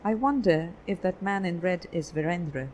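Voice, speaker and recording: Woman reading sharp detective man, pointed questions, lowish voice, faint hiss. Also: close to an everyday voice, poor audio. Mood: inquisitive. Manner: inquisitive, quick questions.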